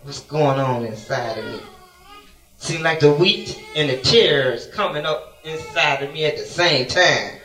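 A man preaches a sermon with storytelling, pleading with God in an impassioned, swinging delivery that moves between pleading and laughing. His voice is a little high and a bit bright, with lively intonation and a measured pace. Soft music plays behind him, and the mic picks him up from a distance in an echoey room.

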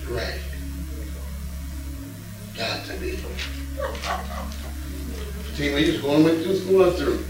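A man delivers a sermon at an unhurried pace, folksy and returning again and again to one phrase. He is heard from a distance in a very echoey church, with faint music underneath. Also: a little high. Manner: folksy preaching, repeats a catchphrase, reads scripture aloud. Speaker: pastor. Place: church sanctuary.

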